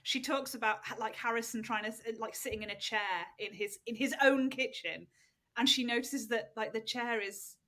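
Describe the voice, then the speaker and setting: A woman's voice: on the high side, moderate pace. A woman co-hosting a book club podcast, chatting casually, giggling and reading passages aloud. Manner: giggly, animated, reads quotes aloud. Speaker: podcast co-host.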